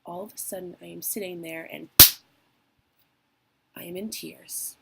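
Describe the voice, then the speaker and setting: A young woman speaking candidly and emotionally in a personal vlog, with trailing pauses. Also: on the low side, steady tone, vocal fry, very noisy. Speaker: vlogger.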